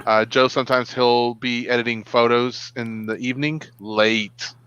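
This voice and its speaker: A man co-hosting a casual online talk show, telling stories in an animated way. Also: mid-range voice, a little slow, smooth, dry recording, muffled recording. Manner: animated storyteller. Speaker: co-host. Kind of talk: casual chat.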